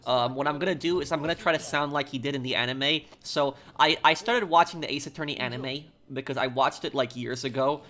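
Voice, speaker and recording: An American man streaming casually, rambling with many halting pauses and reading chat comments aloud. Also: mid-range voice, bright, forceful tone. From United States. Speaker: game streamer.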